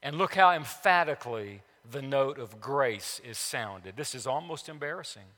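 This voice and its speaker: A male pastor preaching a sermon in a church, emphatic, repeating key phrases and swinging between loud declarations and hushed asides. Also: mid-range voice, lively intonation, normal speed, in a large hall. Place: church sanctuary.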